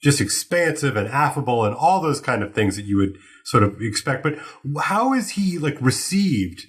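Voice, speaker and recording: A man's voice: mid-range voice, very animated, normal speed, slightly rough. A man hosting a podcast in a casual, curious way, with loose, informal speech. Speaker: host.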